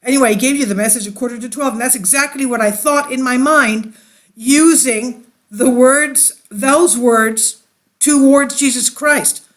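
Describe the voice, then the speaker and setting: A woman with an alto voice, a church leader telling a personal testimony and reading an article aloud, unhurried and rambling. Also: sits high, a bit bright.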